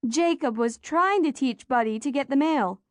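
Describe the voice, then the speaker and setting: A woman voicing a spirited, sharp-tongued young girl in an audiobook. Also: sits high, lively intonation, normal speed, no room sound, clean studio sound. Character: spirited young girl, quick to tease and scold. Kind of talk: audiobook character voice.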